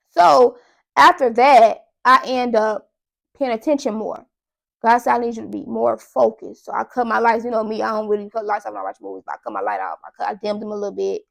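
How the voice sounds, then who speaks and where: A young woman with a high voice hosts her own podcast. She tells a story in a loose, animated way and keeps talking straight to her listeners. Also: fairly quick, creaky. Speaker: podcast host. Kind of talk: casual monologue.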